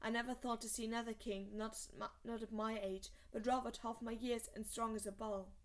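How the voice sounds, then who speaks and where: A woman reading aloud, voicing a gruff, blunt old male lord commander who growls his commands. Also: fairly high pitch, flat delivery, brisk, close to an everyday voice.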